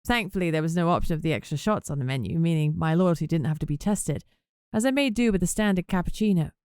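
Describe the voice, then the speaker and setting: A woman's voice: fairly low pitch, expressive, fast talker, a little mellow, clear, resonant tone, no room sound, clean studio sound. A woman narrating a first-person audiobook in a wry, chatty manner.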